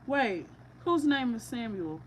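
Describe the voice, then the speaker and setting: Woman psychic vlogger, higher voice, slangy and excitable, laughs often, faint noise under her. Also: takes it slowly, low-quality recording. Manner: excitable, laughing, slangy, addresses viewers as y'all. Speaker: psychic reader. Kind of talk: casual psychic reading vlog.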